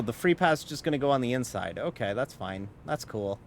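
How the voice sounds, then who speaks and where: A man's voice: mid-range voice, lively intonation, fairly quick, gravelly, a little hiss or hum. A man casually commenting while streaming a sim race, rambling and joking and laughing often.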